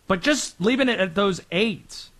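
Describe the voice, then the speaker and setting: High-voiced energetic sports host. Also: male voice. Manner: energetic, rapid-fire, opinionated. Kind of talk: sports commentary.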